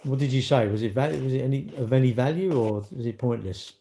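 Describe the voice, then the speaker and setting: A man's voice: mid-range voice, fairly quick, mellow, a little hiss or hum. Rambling, blunt man chatting live. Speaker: live-stream host. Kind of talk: casual live-stream chat, reading viewer comments.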